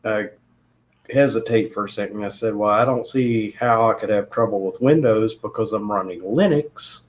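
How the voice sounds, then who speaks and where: A man's voice: lowish voice, normal speed. A man hosting a casual chat with friends, telling stories and laughing at them. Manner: laughs at his own stories.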